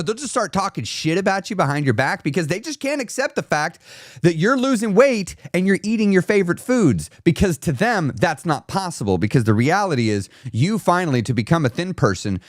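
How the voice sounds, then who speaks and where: A man's voice: a little high, dry recording, studio quality. A man hosting a weight loss live stream, giving an emphatic, repetitive motivational talk and reading out viewer comments.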